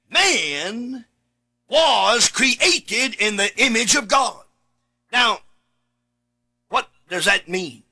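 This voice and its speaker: A man preaching a sermon in a high, swooping voice that rises and falls widely. He reads scripture aloud and hammers home key words, at times breaking into shouts. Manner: emphatic, repeats key words, shouts for emphasis; reads scripture aloud in old Bible wording.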